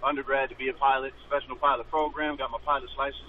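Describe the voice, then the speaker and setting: A man's voice: medium pitch, little pitch movement, racing, background noise. A man calling into a talk show, speaking earnestly about his life lessons over a phone line. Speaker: caller. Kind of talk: reflective phone-in chat.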